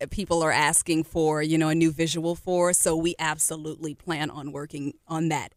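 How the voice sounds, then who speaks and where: A woman singer talks with a radio host in the studio, animated and encouraging, with plenty of fillers. Her voice sits on the low side. The sound is dry and close. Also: moderate pace, no room sound. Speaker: R&B singer, interview guest. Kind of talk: casual radio interview.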